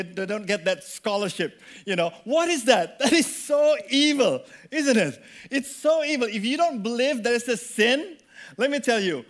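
Male pastor, high voice, lively conversational sermon, prods the congregation with questions. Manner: animated, conversational preaching with audience questions.

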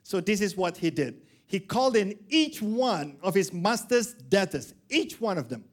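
A man's voice: high-pitched, measured pace. A male pastor preaching a sermon, acting out the characters of a parable. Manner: animated, acts out characters.

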